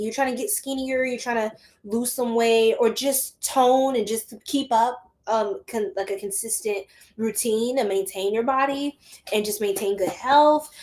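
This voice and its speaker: A woman's voice: a little high, a little mellow. A woman giving a casual psychic tarot reading to her viewers, chatty and full of slang, often laughing.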